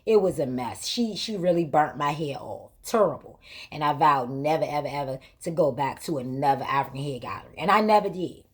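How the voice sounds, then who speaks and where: A vlog host with a husky, low-pitched voice tells a story a little fast. Her speech is casual and vernacular, with emphatic repetition and spirited quoted exchanges.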